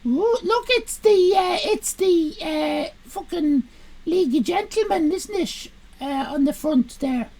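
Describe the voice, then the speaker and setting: Brief: a woman as a sassy Irish sixteen-year-old, crude and rambling, very high and gravelly. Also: expressive, takes it slowly, warm tone, exaggerated voice. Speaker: streamer. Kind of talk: live stream in character.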